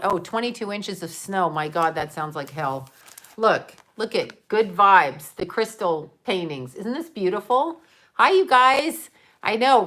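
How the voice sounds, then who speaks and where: Speaking in a mid-range, fairly bright voice, the middle-aged vlogger rambles to her viewers as she unwraps gifts. She shows each one and thanks the senders in a casual, filler-heavy chat to camera.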